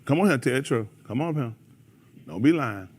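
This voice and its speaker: A man's voice: medium pitch, brisk, husky. A man preaching a fiery sermon, calling out members of the congregation by name. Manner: animated, preachy, calls out listeners by name.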